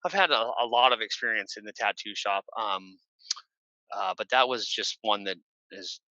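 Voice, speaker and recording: A man's voice: moderate pace, no echo, dull audio. A man guest on a podcast telling stories casually, rambling with many fillers and restarts. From Oregon, USA. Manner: bursts into shrill shouted imitations. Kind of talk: casual storytelling.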